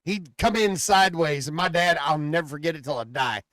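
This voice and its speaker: A man co-hosting a casual podcast, telling long, profane, animated stories about his dog. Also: on the high side, brisk, dry recording. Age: adult father. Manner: profane, animated rambling storyteller. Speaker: podcast co-host. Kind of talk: casual chat, storytelling.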